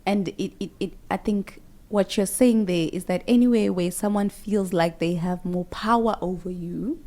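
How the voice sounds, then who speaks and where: A woman's voice: medium pitch, normal speed, dark tone. A woman hosting a radio podcast interview, conversational and affirming, often answering "mm" and "I love that". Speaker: podcast host.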